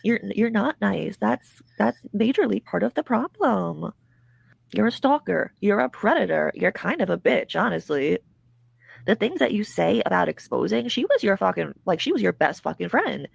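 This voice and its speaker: A woman's voice: medium pitch, sing-song, moderate pace, gravelly, husky, no room sound. A woman hosting a commentary show, mocking and blunt, with heavy swearing. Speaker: commentary host. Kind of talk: commentary on online drama.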